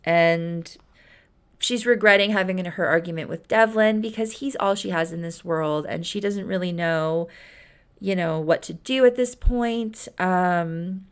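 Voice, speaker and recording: A woman recapping a story with wry, deadpan asides. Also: on the low side, a little slow, smooth. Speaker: host.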